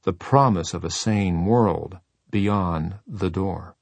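A man narrating a horror audiobook in a measured, deliberate way. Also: deep voice, a little mellow, dry recording.

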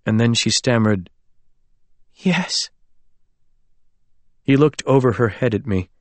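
A man's voice: lowish voice, no echo. Man narrating a novel, dry sound. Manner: measured, literary storytelling. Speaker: audiobook narrator. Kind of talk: scripted narration.

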